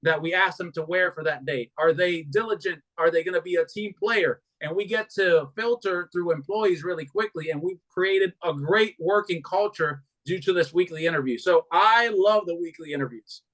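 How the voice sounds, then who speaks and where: A man's voice: high-pitched, moderate pace, hardly any pauses, a bit bright, poor audio. A man who owns a business, speaking as a podcast guest and explaining his hiring process step by step in a casual way. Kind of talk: casual interview talk.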